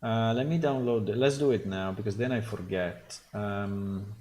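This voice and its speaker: A man's voice: lowish voice, normal speed, darkish tone, a little hiss or hum. A man developing a game, talking casually while he works, thinking aloud with many fillers. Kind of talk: casual dev stream commentary.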